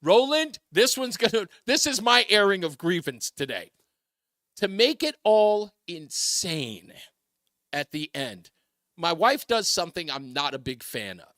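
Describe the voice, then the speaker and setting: A male talk radio host telling a funny personal story in a lively way, often raising his voice to quote people and laughing as he goes. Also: high voice, measured pace, dry recording, studio quality.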